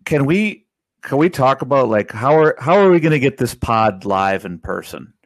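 A man's voice: mid-range voice, lively intonation, normal speed, no room sound. A man co-hosting a casual podcast, joking around and repeating himself as he stumbles. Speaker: podcast co-host. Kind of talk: casual chat.

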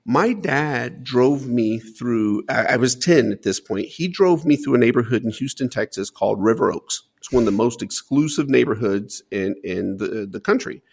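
A man's voice: mid-range voice, animated, normal speed, vocal fry, few pauses, slightly rough. A man as an interview guest, earnestly telling a personal story and often repeating words as he searches for them.

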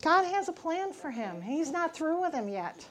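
A woman's voice: extremely high pitch, sing-song, normal speed, fairly bright tone. A middle-aged woman giving an earnest church testimony, teaching from scripture and telling her story with emphatic, acted-out dialogue.

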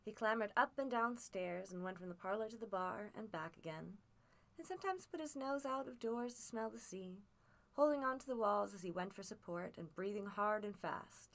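Woman reader, mid-pitched, measured and expressive storybook narration. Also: vocal fry. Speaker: audiobook reader.

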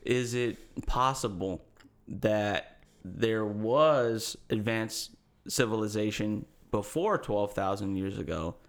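A man's voice: on the low side, slow pace. A man co-hosting a podcast in casual chat, musing aloud with restarts and joking asides. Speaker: podcast co-host.

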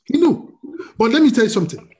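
A male pastor preaches a sermon during a streamed church service, his mid-pitched voice leaping up and dropping down in lively swings at a quick pace. Animated, he fires questions at his listeners and answers them himself, call-and-response style.

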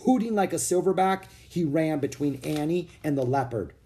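A man narrating a children's storybook with an expressive reading. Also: fairly high pitch, moderate pace.

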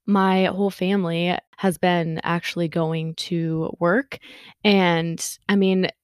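A woman's voice: fairly low pitch, darkish tone, dry recording, studio quality. A young woman hosting a podcast, talking casually and self-deprecatingly with many fillers. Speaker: podcast host. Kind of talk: casual solo chat. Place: bedroom, sitting in bed.

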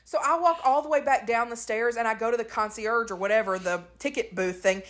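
Chatty, animated woman podcast host. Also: fairly high pitch, brisk, few pauses. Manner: chatty storyteller, animated retellings with quoted voices. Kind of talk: casual chat.

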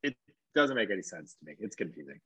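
A man's voice: deep voice, big pitch swings, quick pace, sharp tone, slight background noise, low-quality recording. A man co-hosting a podcast, ranting emphatically in casual chat, full of "like" and "dude". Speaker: podcast co-host.

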